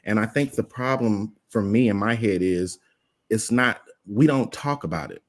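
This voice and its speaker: A man's voice: lowish voice, moderate pace. A man, chatting casually and telling a story in an earnest, plain-spoken way. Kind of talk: casual chat.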